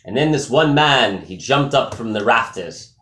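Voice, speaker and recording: A man's voice: medium pitch, lively intonation, normal speed, sharp tone, slight background noise. A man improvising a casual story, goofy and often laughing and getting sidetracked. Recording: echoey room.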